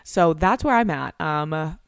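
A woman's voice: low-pitched, expressive, slow, creaky, smooth, no room sound, clean studio sound. A young woman hosting a podcast from home, rambling in a casual, profane confessional monologue full of "like" and "um.". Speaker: podcast host.

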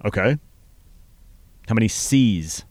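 A man's voice: on the low side, animated, takes it slowly, a little mellow, dry recording. Teasing man co-hosting radio banter. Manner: teasing, joking. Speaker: radio show co-host. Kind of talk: casual banter. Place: mobile studio in a vehicle.

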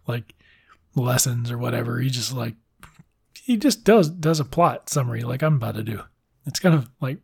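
Gravelly, sarcastic male podcast host. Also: mid-range voice, darkish tone, no room sound, clean studio sound. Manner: sarcastic, rambling, swears a lot, quick asides. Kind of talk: profane comedic book recap.

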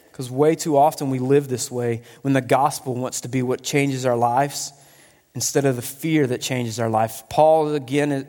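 A man preaching a sermon as pastor, telling stories with playful humor and lively delivery. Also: medium pitch. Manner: animated storytelling with playful humor. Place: church hall. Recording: long hall reverb.

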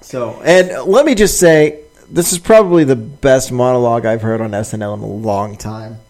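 A man's voice: medium pitch, normal speed, a little mellow. A man casually commenting on a show he is watching, chatty and amused, sharing his own opinion. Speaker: viewer reacting to a show.

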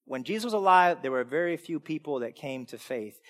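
A man preaching a sermon as pastor, emphatic, swinging between loud preaching and quiet asides. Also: on the high side, expressive, fairly quick. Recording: long hall reverb.

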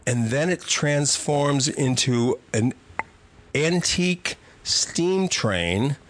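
Older male guest, comedy writer, profane and animated raconteur, middle-pitched voice. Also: very slow, slight background noise. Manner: vivid, profane, animated storyteller. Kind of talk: casual podcast storytelling.

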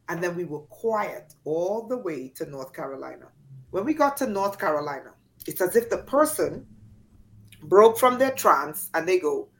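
Animated woman telling a dramatic story. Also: mid-range voice. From Trinidad and Tobago. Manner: dramatic, emphatic storyteller, acts out voices. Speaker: podcast guest. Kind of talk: storytelling in an interview.

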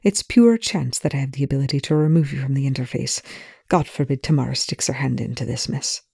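A reader voicing a dry, sardonic male scientist in a fan fiction reading, with clipped, precise lines often dropped soft. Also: medium pitch, brisk, creaky, husky, no echo.

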